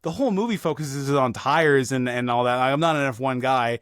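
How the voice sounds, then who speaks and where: A man's voice: medium pitch, a little fast, fairly bright tone, clean tone, dry recording, studio quality. A man co-hosting a film podcast, chatting casually and rambling, swearing freely and acting out movie lines as he goes. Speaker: podcast co-host. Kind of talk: casual film review chat.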